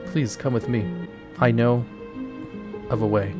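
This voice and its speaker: A man's voice: medium pitch, fairly even intonation, a little slow, natural voice. A man voicing a pleading young girl. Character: worried young woman seeking help. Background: background music.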